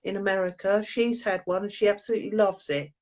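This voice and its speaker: A woman's voice: mid-range voice, fairly even intonation, quick pace, darkish tone. A woman hosting a casual live video as a medium, chatting, laughing and reading out viewers' comments. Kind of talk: casual live-stream chat.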